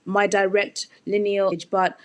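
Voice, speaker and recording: A woman actor from the United Kingdom, a podcast guest, speaking in a thoughtful, reflective way with drawn-out phrasing. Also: medium pitch, little pitch movement, darkish tone. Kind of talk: reflective interview talk.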